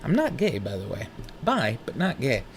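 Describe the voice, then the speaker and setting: A man's voice: medium pitch, normal speed, soft background music. A young man telling a personal story in a candid, profane, casual way. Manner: candid, profane, animated retelling. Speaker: podcast host.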